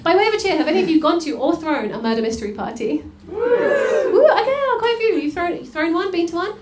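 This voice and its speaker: A woman's voice: extremely high pitch, expressive, quick pace. Giggly young woman doing stand-up. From United Kingdom. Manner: chatty, full of "like" and laughter, addresses the crowd. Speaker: stand-up comedian. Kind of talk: stand-up comedy. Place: comedy venue stage. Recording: echoey room with loud noise.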